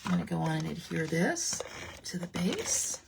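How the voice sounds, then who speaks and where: A woman's voice: on the low side, very animated, moderate pace, vocal fry, heavy background noise. A woman giving a casual card-making tutorial, chatty and playful, speaking directly to her viewers as she works.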